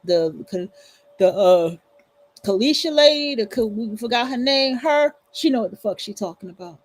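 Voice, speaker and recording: In a low-quality recording with faint music behind, a livestream host vents in casual commentary with features, profane, blunt and emphatically repetitive. Her voice is a little high, with lively intonation and an unhurried delivery.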